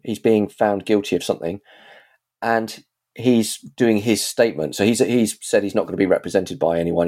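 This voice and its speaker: A man's voice: lowish voice, creaky, a little mellow. A man in casual chat, reviewing TV series in a rambling, chatty way with frequent restarts.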